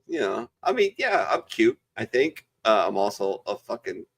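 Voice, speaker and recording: A man's voice: on the low side, sing-song, normal speed, creaky, slightly rough. Man, former marine, swears a lot, rambling stories, video call chat. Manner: profane, rambling storyteller. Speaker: veteran show host. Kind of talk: casual chat.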